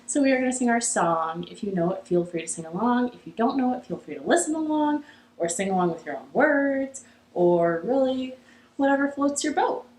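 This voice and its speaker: A woman's voice: a little high, animated, fairly quick, a little mellow, reverberant, slight background noise, low-quality recording. A young woman hosting a children's library storytime from her living room, cheerful and encouraging, leading songs and games. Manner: cheerful, encouraging, sing-song.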